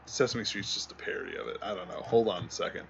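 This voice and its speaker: A man's voice: sits low, fast, vocal fry, a bit bright, dull audio, slight background noise. A man co-hosting a livestream in casual chat, rambling while hunting for memes. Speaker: livestream co-host.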